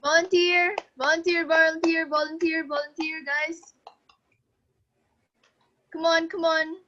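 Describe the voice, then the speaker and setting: A woman's voice: extremely high pitch, measured pace. A woman teacher, leading an online class and coaxing students to speak up. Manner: encouraging, animated, coaxing students. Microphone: video call. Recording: muffled lo-fi online class audio.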